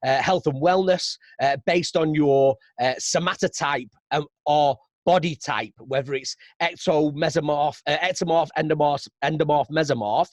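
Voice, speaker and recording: A man's voice: fairly high pitch, normal speed, hardly any pauses, no echo. A man with a Manchester accent hosting a podcast, chatty and easygoing, with many fillers. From Manchester, England. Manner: chatty, laughing, filler-heavy. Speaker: podcast host. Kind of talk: casual interview chat.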